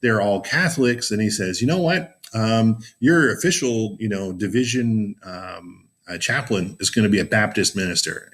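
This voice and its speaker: A man giving an informal history lecture, chatty and loose, with many fillers and sarcastic asides. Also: lowish voice. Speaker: teacher. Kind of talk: casual classroom lecture.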